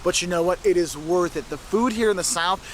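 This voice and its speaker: Enthusiastic high-voiced man presenting outdoors. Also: a little fast, a little hiss or hum. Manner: enthusiastic, talks straight to camera. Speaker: travel video host. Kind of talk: travel vlog presenting. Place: outdoors in a city street.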